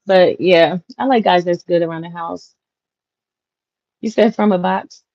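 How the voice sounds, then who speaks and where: A woman's voice: fairly low pitch, fairly even intonation, measured pace, darkish tone, no room sound. A young woman hosting a casual livestream from home, chatting with viewers, reading their comments and laughing often. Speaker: livestream host. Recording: dull lo-fi livestream audio, dry.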